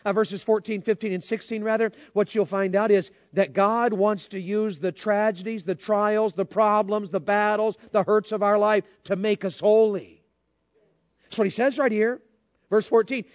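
A man's voice: sits high, steady tone, normal speed, no echo. A man preaching a sermon, telling folksy stories and calling out to the congregation. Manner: folksy storytelling, calls out to congregation. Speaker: pastor.

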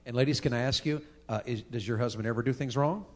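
A man preaches about marriage. He jokes and asks the crowd questions as he goes. His voice sits at a middling pitch. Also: quick pace. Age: 50s. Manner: folksy, joking, talks with the crowd. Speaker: pastor. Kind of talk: sermon on marriage.

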